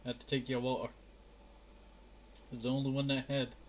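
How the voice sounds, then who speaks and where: A man's voice: mid-range voice, flat delivery, a little fast, a little hiss or hum. A man chatting casually while playing a game, his throat dry and strained, often stumbling over words and trying them again. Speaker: game streamer. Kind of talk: casual let's-play commentary.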